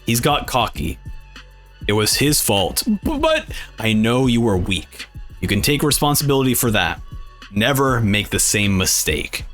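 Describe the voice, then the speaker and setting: A man voicing a blunt, gruff adult father who lectures his son in a flat, offhand way. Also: lowish voice, unhurried, faint music behind, pitched below the performer's own voice. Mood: stern.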